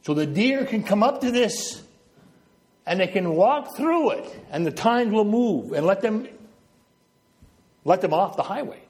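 A man's voice: sits high, lively intonation, a little slow, long pauses, a little mellow. A middle-aged male preacher from New Brunswick, Canada, giving a sermon and telling stories while walking back and forth and illustrating with gestures.

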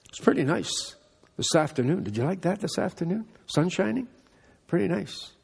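An older man delivers a relaxed, chatty sermon full of joking asides. His voice sits a bit high, with a raspy, gravelly texture. The sound carries the long echo of a church hall. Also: normal speed. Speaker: pastor. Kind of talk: conversational sermon. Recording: echoey hall reverb.

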